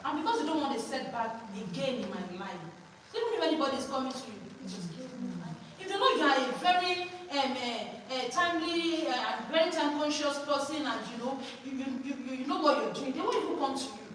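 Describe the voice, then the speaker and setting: This woman's fairly bright voice sits high, animated and fast. She runs a teacher training workshop, getting the room to respond in call-and-response fashion and complete her sentences. The distant mic picks her up in an echoey, noisy hall.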